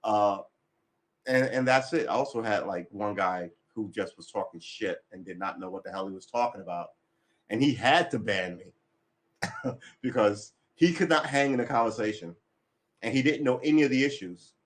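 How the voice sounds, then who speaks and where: A man's voice: on the low side, moderate pace, slight background noise. A man talking casually on his own livestream, blunt and opinionated, swearing freely and laughing often. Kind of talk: casual rambling chat.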